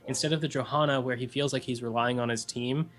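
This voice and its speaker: A man's voice: mid-range voice, fairly even intonation, quick pace, a bit bright. A young man giving earnest, analytical color commentary on a live esports match.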